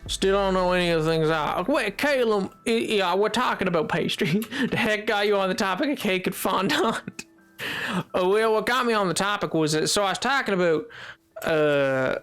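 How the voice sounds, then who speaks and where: High-voiced rambling male gaming streamer. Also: animated, moderate pace, fairly bright tone, clean tone, faint music behind. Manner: rambling, often restarts and reads chat aloud. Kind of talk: casual live-stream chat while gaming.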